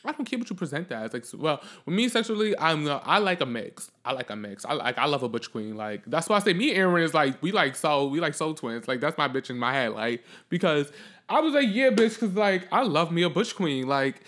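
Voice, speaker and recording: Sassy, profane man, slightly high voice. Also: sing-song, brisk. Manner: blunt, profane and sassy, swinging between loud outbursts and low muttering. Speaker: podcast host. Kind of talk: solo podcast monologue, unscripted.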